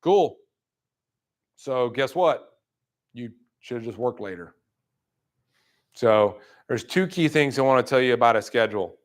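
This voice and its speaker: A man giving a motivational sales talk to a room, blunt and fired up, acting out people's excuses in quick asides. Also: medium pitch, animated. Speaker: roofing sales trainer. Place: room with an audience.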